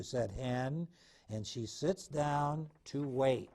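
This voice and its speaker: Older man, storyteller, picture-book read-aloud, very slow, mellow, gentle. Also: medium pitch.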